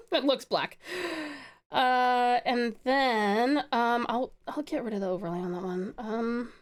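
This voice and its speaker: A woman's voice: a little high, slow pace. A woman streamer chatting casually and giggling while she draws, rambling and reading chat aloud. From Australia.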